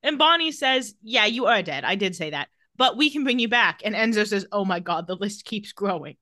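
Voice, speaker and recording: Woman, podcast co-host, casual recap, wry asides, bright tone, dry close sound. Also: medium pitch, lively intonation, moderate pace, dry recording. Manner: reads out dialogue with wry asides.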